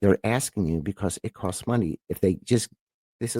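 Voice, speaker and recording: A man's voice: on the low side, mellow, breathy edge, dry recording. A man co-hosting a podcast, agreeing often and explaining his views earnestly in casual chat. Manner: agreeable, quick interjections, earnest when explaining. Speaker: podcast co-host.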